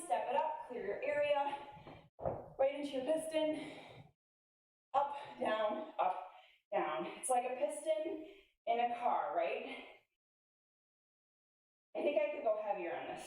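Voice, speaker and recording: Female fitness coach, slightly high voice, upbeat cues, a bit winded; very roomy sound, distant from the mic. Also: darkish tone. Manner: upbeat, encouraging cues between breaths. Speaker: fitness instructor. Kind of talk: workout class coaching. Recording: very echoey, from far off.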